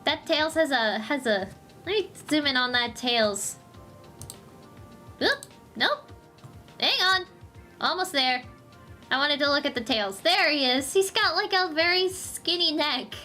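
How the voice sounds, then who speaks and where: A woman's voice: high voice, expressive, unhurried, pauses often, bright, forceful tone, soft background music. A young woman hosting a livestream, chatting casually and gushing with giggles while she reads comics. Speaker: livestream host.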